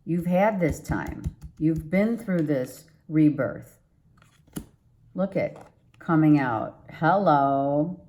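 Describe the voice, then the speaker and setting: A woman's voice: low voice, animated, takes it slowly, warm tone, slight background noise. A woman giving a casual, rambling tarot reading to her viewers. She repeats herself and keeps an upbeat, encouraging tone. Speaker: tarot reader.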